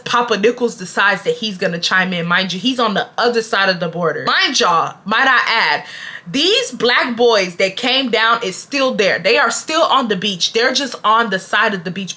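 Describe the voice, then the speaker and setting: A young woman vlogger telling a casual storytime, animated and slangy, talking straight to her viewers. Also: mid-range voice.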